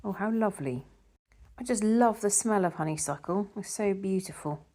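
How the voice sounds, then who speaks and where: A woman's voice: medium pitch, moderate pace, mellow. A middle-aged woman chatting casually as a garden vlogger, rambling a little with fillers. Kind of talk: casual vlog narration.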